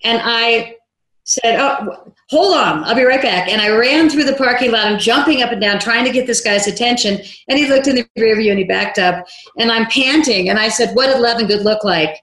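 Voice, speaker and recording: A woman filmmaker, a guest on an interview show, telling a story in a lively way and acting out the dialogue she quotes. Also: on the high side, fairly quick. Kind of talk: animated anecdotal storytelling. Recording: roomy echo.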